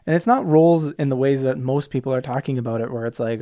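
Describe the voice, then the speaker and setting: In a mellow, medium-pitched voice, a man rattles through a solo podcast monologue fast, with hardly any pauses. He's passionate and emphatic as host, sometimes putting on mocking voices to imitate opposing views.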